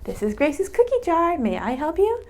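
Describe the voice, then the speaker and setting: A woman's voice: very high voice, wildly swooping pitch, normal speed, darkish tone, pitched above the performer's own voice, full character voice. A woman doing a bubbly literal-minded baker lady.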